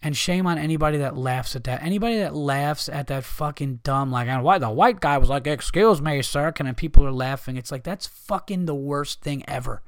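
A man's voice: medium pitch, no room sound, studio quality. A man hosting a comedy podcast, talking casually in a profane, heated rant.

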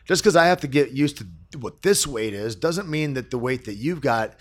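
A man's voice: mid-range voice, moderate pace, no echo. A man as a podcast guest in casual conversation, telling stories and acting out the people in them. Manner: animated storyteller, acts out quoted people.

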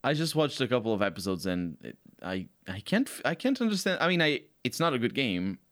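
Male guest, mid pitch, very animated intonation, calmly puzzled. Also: fairly quick. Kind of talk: casual chat.

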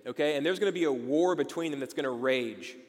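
A male pastor preaching with emphasis, firing rhetorical questions at the congregation and checking in with "okay?". His voice sits a little higher than most men's. The sound carries a long reverb, as in a large church sanctuary. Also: quick pace. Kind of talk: sermon.

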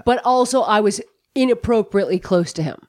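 A woman co-hosting a podcast, telling a story in an animated casual chat that is full of swearing. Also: medium pitch, fairly quick, dry recording. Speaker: podcast co-host.

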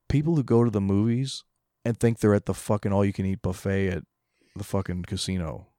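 Ranting man with a mellow voice. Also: on the low side, steady tone, brisk, no room sound, clean studio sound. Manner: ranting, heavy swearing, mocking imitations. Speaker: podcast co-host. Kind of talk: casual profane rant.

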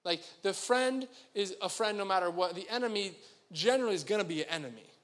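A man with a high voice preaches in a church hall, and his words ring out with a long reverb. He keeps it conversational and joking and speaks straight to the congregation. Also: animated, fast, fairly bright tone. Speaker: pastor. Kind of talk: sermon. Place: church sanctuary.

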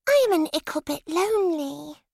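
A man's voice: very high-pitched, lively intonation, normal speed, vocal fry, no room sound, clean studio sound, pitched above the performer's own voice, full character voice. A man putting on a sing-song spoiled little girl. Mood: sugary. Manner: sing-song, whiny and cutesy. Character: sly spoiled little girl, sugary sweet.

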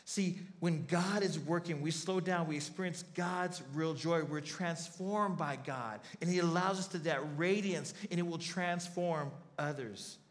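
Male pastor, earnest sermon delivery, repeats his key lines, slightly high voice, long hall echo. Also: unhurried, few pauses.

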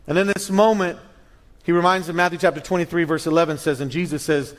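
A middle-aged male pastor preaching a sermon, animated and storytelling, acting out little voices with many restarts. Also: sits high, quick pace.

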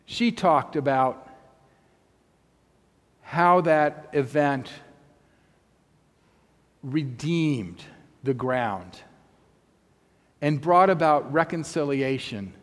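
A man preaching, telling a story in a measured, unhurried way with long pauses between phrases. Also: on the high side. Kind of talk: sermon storytelling. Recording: long reverb of a large hall.

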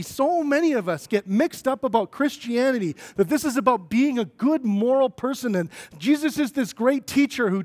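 A man preaching a sermon as pastor, talking conversationally and then building to emphatic, rising points. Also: very high-pitched.

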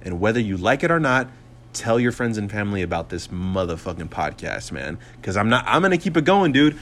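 A man's voice: on the low side, very animated, brisk, fairly bright tone, a little hiss or hum. A man in his twenties hosting his own podcast, talking in a profane, sarcastic, rambling rant full of fillers and restarts. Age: 20s. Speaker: podcast host and comedian.

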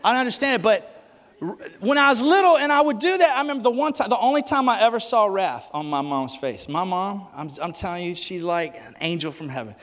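A man preaching a sermon in church, animated and joking as he tells stories and asks the crowd questions. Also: high voice, a little fast, long reverb tail.

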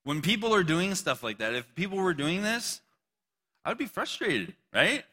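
A man preaching a casual sermon, reading scripture slowly and dramatically between conversational asides. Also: high voice, big pitch swings, pushed and bright. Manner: conversational, reads scripture slowly and dramatically, frequent laughs and "right?". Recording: long hall reverb.

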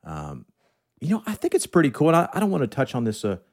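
A man's voice: on the high side, huge pitch swings, quick pace, a little mellow. A man hosting his podcast in casual chat, joking with a dry, sarcastic tone into a studio microphone. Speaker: podcast host.

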